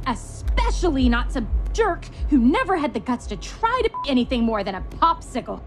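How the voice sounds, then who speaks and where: An actress playing an eager young female rabbit cop in an animated film, bright and earnest. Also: high voice, a little fast, a little hiss or hum. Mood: determined.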